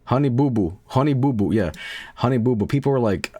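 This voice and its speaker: A man's voice: mid-range voice, lively intonation, brisk, mellow, dry recording. A man from Sweden streaming and chatting casually with viewers, rambling and joking with plenty of swearing and fillers.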